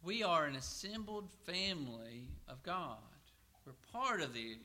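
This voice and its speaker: A middle-aged man preaching a sermon, asking questions and answering them himself, and slowing down to read scripture aloud. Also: on the high side, big pitch swings, pushed and bright. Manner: asks and answers his own questions.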